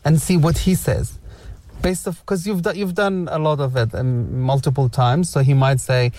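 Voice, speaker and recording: Encouraging man with a mellow voice. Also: fairly high pitch, steady tone, moderate pace. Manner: encouraging, guiding, repeats words. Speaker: host. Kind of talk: casual discussion.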